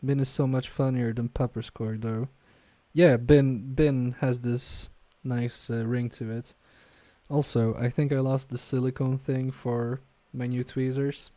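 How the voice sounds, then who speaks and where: A man's voice: medium pitch, little pitch movement, a little slow, warm tone, no room sound. A man casually live-streaming a repair from his home workbench, reading viewer chat aloud and muttering to himself with self-mocking humor.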